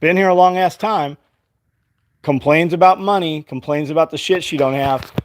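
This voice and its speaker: A man's voice: a little high, normal speed, a little hiss or hum. Blunt, profane man ranting. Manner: quotes his own past exchanges. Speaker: business owner and show host. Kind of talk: casual livestream talk. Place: his company's workspace.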